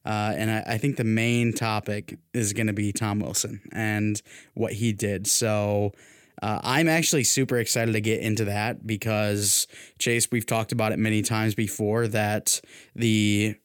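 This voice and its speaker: Man, podcast host, casual sports talk, relaxed chatty delivery, dry close sound. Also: fairly low pitch, measured pace, clear, resonant tone, dry recording.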